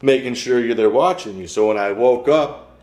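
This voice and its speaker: A man's voice: mid-range voice, moderate pace, darkish tone. A young man telling his story in a casual interview, rambling and slangy, acting out what people said to him. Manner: slangy, rambling, acts out quotes. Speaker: interviewee, shooting survivor. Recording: roomy with faint music.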